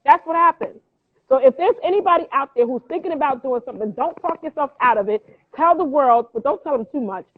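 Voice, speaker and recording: A woman from New Jersey, a clothing brand founder, tells her story in an animated, motivational way as an interview guest. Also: high-pitched, fast. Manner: lively, acts out quoted voices, motivational. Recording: tinny phone-line sound.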